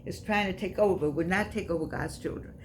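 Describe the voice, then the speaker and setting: A woman's voice: fairly low pitch, quick pace, a little hiss or hum. An older woman from the United States, hosting her own channel and talking casually to viewers with a repetitive, preacher-like cadence. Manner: chatty, preacher-like cadence, repeats phrases. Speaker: author and channel host.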